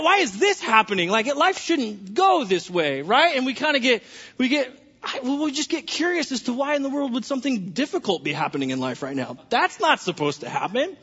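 A pastor preaches a sermon in a church sanctuary, his high, bright, pointed voice also a bit husky. He tells stories in an animated, playful way and breaks in with humorous asides, while a long hall reverb gives the sound a slightly dull, lo-fi quality.

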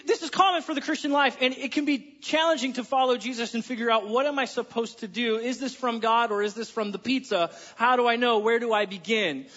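Animated high-voiced man preaching in a hall. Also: highs cut off. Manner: animated preaching, wry sarcastic asides, drops to near-whisper for emphasis. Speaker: pastor. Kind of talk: sermon. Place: church sanctuary.

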